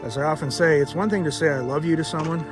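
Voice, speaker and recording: A man's voice: a little high, fast, over music. A man in his fifties with a Canadian accent, a fitness vlogger talking over his workout footage in a blunt, coaching way with plenty of swearing. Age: 50s. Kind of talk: casual voice-over vlog.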